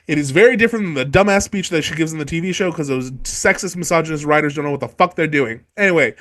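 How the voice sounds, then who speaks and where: A man hosting a casual book discussion podcast who talks in an excitable, profane and animated way. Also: fairly high pitch, quick pace. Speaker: podcast host.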